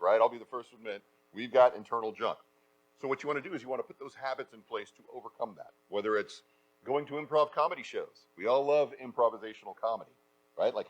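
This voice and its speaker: A middle-aged man, a voice actor, speaking at a conference panel and telling lively stories with acted-out quotes. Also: medium pitch, poor audio. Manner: energetic storyteller, acts out quotes. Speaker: voice actor giving a talk.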